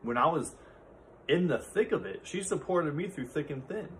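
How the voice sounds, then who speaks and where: A man's voice: on the high side, lively intonation, normal speed, a bit bright, slight background noise. A man in his thirties hosting a solo podcast, speaking in an earnest, heartfelt way from his own experience. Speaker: podcast host. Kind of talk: reflective solo talk.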